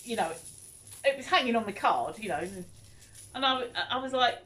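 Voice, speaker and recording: A woman in her fifties chatting casually as a vlogger, animated and nostalgic as she reminisces. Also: mid-range voice, normal speed. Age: 50s.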